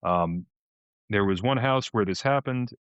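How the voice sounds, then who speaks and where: A man's voice: fairly low pitch, unhurried, clear, resonant tone, no room sound. A man from co-hosting a podcast, telling stories casually with lots of restarts. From Boston. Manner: rambling storytelling with frequent restarts. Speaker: podcast co-host. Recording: dull lo-fi audio.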